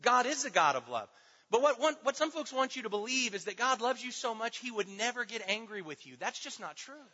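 A man preaching a teaching sermon, emphatic, swinging between loud stressed words and hushed asides. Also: very high voice, sing-song, fairly quick. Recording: dull sound with long hall reverb.

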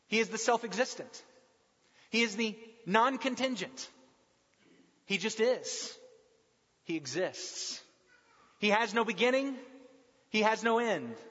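High-voiced man preaching a sermon. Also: bright, forceful tone. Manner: earnest, emphatic, with long pauses. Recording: dull recording with long hall reverb.

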